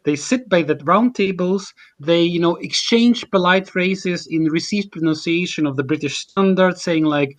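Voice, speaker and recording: A man makes his case as a guest commentator in a panel discussion. His voice sits high for a man, and he talks in an earnest, emphatic way, often stopping and restarting a phrase. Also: normal speed, few pauses. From Ukraine.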